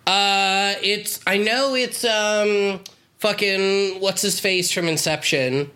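Man, podcast co-host, dry sarcastic chat, fairly high bright voice. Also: takes it slowly. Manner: dry, sarcastic, swears casually. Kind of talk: casual chat about a TV show.

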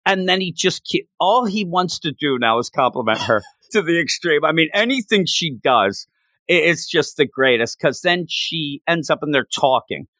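A man's voice: on the high side, expressive, normal speed, pushed and bright, no room sound. A man chatting casually as a podcast co-host, laughing often and acting out characters' lines as he recaps. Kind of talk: casual chat recapping a show.

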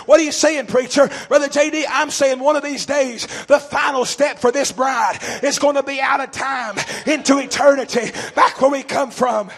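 A fervent preacher, a man from East Tennessee whose voice sits unusually high for a man. His tone has a gravelly edge. He shouts passages, then drops to a low, intense register. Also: steady tone, normal speed, hardly any pauses. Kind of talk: sermon.

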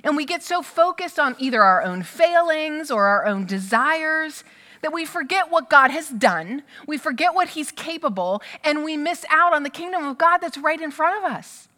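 Woman preacher, lively chatty sermon, bright high voice, hall echo. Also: normal speed. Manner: conversational, animated storytelling.

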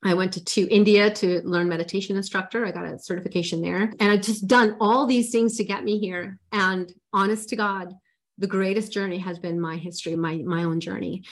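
A woman's voice: medium pitch, steady tone, fairly quick. A woman in her forties speaks as a life coach in an interview. She tells her own story earnestly and with feeling. Her words often trip and restart as she gets emotional.

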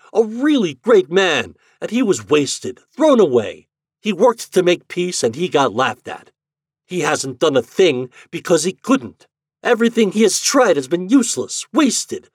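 A man's voice: on the high side, slightly rough, no echo, clean studio sound, pitched above the performer's own voice. A man voicing a bitter, weary male propaganda writer in an audiobook story, speaking in heated outbursts.

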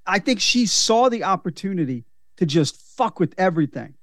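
Man, podcast co-host, gravelly and a bit high, emphatic, dry mic. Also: sing-song, normal speed, fairly bright tone, no echo. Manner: emphatic, enthusiastic, swears freely. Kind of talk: casual movie review chat.

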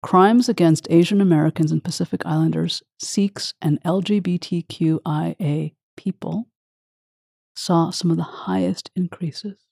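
A woman's voice: on the low side, steady tone, unhurried, creaky, mellow, slightly rough, no echo, clean studio sound. A woman hosting an interview, openly emotional and affirming toward her guest. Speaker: host. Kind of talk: interview conversation.

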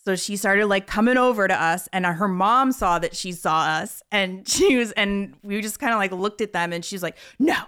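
Casual woman, 30s, animated storyteller. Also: mid-range voice, normal speed, hardly any pauses, smooth, dry recording, studio quality. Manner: animated storytelling, acting out quotes. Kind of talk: casual chat.

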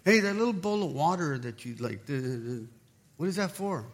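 Pastor, man, high voice, energetic storyteller who plays out the dialogue in his sermon. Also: fairly quick, husky. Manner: animated storytelling, acts out quoted dialogue.

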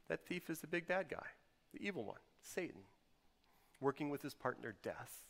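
A man preaching a sermon as a pastor, moving between loud, emphatic stretches and quiet, intimate ones. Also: on the high side, expressive, normal speed, gravelly. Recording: long hall reverb.

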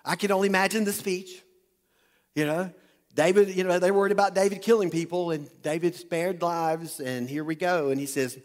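A man preaching a sermon, retelling a Bible story with animated energy and calling on the congregation to listen up. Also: high voice, normal speed. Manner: animated, talks directly to the congregation. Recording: long hall reverb.

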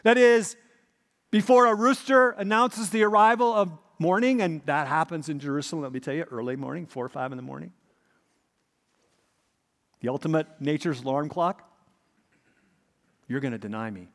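A man's voice: fairly high pitch, normal speed, pauses often, a bit bright, long reverb tail. A man preaching a sermon as pastor, telling the story dramatically and repeating his key points.

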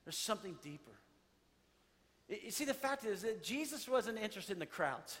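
A man's voice: sits high, very animated, moderate pace, fairly bright tone. A man preaching a sermon, reading scripture and animatedly acting out the voices of the crowd. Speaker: pastor. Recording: long hall reverb.

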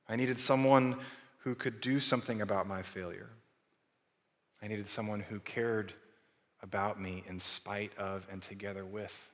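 A man preaching a sermon in an earnest way, his delivery moving between raised emphasis and hushed, quiet passages. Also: on the low side. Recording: long hall reverb.

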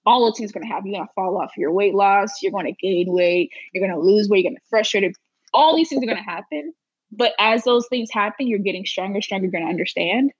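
Husky, earnest woman guest. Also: medium pitch, fast talker, no echo, highs cut off. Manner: earnest, emphatic, repeats phrases. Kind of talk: casual interview chat.

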